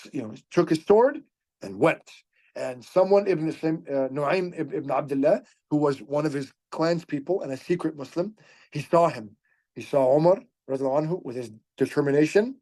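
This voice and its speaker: A man hosting a podcast, retelling religious history as a lively story, acting out the quoted dialogue and reciting Arabic phrases along the way. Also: fairly high pitch, normal speed, long pauses. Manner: frequent restarts and repeated words. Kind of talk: storytelling lecture.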